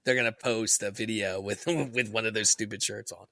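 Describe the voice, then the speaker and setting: A man's voice: fairly low pitch, fairly even intonation, normal speed, gravelly, sharp tone, no echo, clean studio sound. A man co-hosting a casual podcast, bantering with profanity and frequent laughter. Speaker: podcast co-host. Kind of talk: casual chat.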